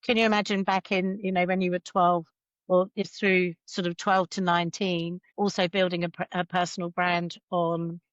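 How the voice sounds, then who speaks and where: A woman hosting a podcast interview in a somewhat low voice. She keeps up a steady stream of affirming murmurs and asks reflective questions. The recording is dry and a little dull, as if from a modest mic. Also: normal speed, no echo. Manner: frequent affirming backchannels. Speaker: podcast host. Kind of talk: interview, conversational.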